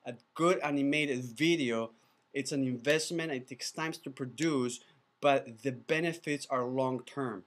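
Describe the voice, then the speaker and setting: A man who is not a native English speaker, pitching his video course in an enthusiastic, chatty way, often restarting his words. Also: unhurried, fairly bright tone. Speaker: animated video producer teaching a course. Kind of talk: casual course pitch to camera.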